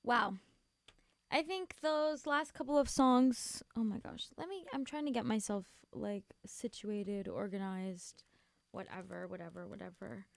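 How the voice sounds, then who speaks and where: A woman's voice: on the high side, unhurried, no echo. A young woman hosting a radio show, chatting casually and rambling between songs while sleepy and yawning, gushing with many fillers. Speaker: radio host.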